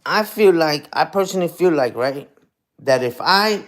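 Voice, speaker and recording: Animated man ranting to a live chat. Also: fairly high pitch, normal speed. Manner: animated, repetitive, streetwise slang with "you heard?" tags. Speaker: livestream host. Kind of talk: casual rant to a live chat.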